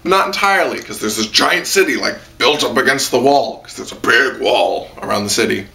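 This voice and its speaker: Rambling young-sounding man, lively bright voice. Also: a little fast, gravelly. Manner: rambling, heavy on fillers, jumps into high-pitched mock quotes. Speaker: anime reviewer. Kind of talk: casual spoken review.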